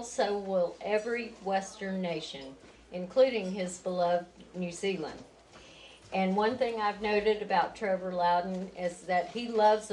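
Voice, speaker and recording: A woman reads a formal introduction for a guest speaker, stumbling now and then over a word. Her pitch is average for a woman. Faint noise runs under the recording. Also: a little mellow, poor audio. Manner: formal, occasional stumbles while reading. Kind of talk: reading an introduction.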